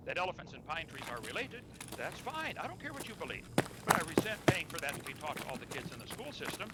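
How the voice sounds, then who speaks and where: Argumentative man over loud gunfire. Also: fairly high pitch, big pitch swings, fast talker, heavy background noise. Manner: argumentative, rhetorical questions. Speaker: debater. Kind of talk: debate argument.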